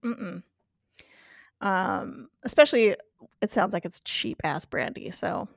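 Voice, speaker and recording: A woman's voice: mid-range voice, slow, no room sound, studio quality. A woman hosting a podcast, recapping a TV episode in casual chat, laughing often and acting out the characters' lines. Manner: giggly, acts out quotes in animated voices. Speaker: podcast host.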